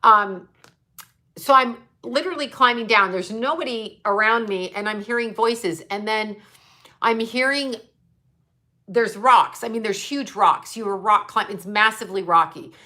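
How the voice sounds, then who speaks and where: Middle-aged woman, bright voice, loose rambling talker, frequent laughs and swearing. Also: medium pitch, measured pace. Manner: chatty, digressive, laughs often, swears. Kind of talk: casual rambling chat.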